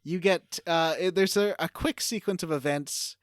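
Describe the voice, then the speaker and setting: A man with a high-pitched voice co-hosts a casual gaming podcast at a moderate pace, frequently laughing as he recounts the game's plot full of fillers. The studio-quality recording has no echo.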